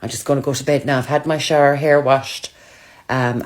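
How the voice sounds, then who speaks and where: A woman's voice: a bass voice, steady tone, fairly quick. A woman chatting casually to her followers, telling self-mocking stories. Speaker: social media creator.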